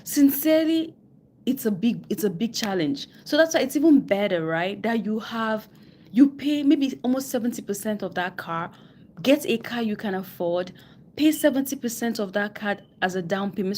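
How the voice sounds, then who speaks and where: A woman's voice: mid-range voice, a little mellow, slight background noise. A woman giving personal finance advice as a coach on a live stream, with a West African English accent, stressing points by repeating phrases. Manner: emphatic, repeats key phrases, quotes people in mock voices.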